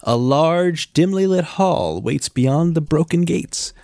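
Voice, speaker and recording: A man narrating as game master, describing scenes with frequent pauses and fillers. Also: on the high side, animated, mellow, no echo, clean studio sound.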